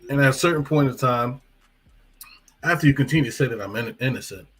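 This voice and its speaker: Chatty man with a bright, sharp voice. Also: mid-range voice, quick pace, slightly rough, faint music behind, low-quality recording. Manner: chatty, rambling, with fillers and self-corrections. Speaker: boxing commentator and channel host. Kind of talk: casual live-stream commentary.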